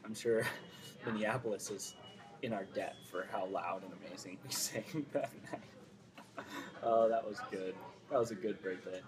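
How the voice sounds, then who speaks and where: A man's voice: fairly low pitch, moderate pace, crowd noise. A young man recalling a fond memory to the camera, amused and cheerful.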